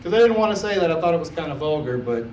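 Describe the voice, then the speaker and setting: A man's voice: fairly high pitch, expressive, rapid-fire, a little mellow, a little hiss or hum. A man doing a laid-back, chatty stand-up set on a comedy club stage, laughing at his own jokes. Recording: roomy club sound from a distance.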